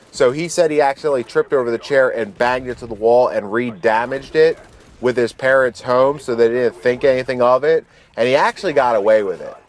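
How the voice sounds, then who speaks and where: A man in his thirties spins a yarn from his youth while he plays, loose and unhurried. His talk is full of slang and swearing, and he stumbles and restarts his sentences as he goes. His voice sits at an ordinary middle pitch. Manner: relaxed, slangy, profane, frequent restarts. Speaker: gaming channel host. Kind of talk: casual storytelling over gameplay.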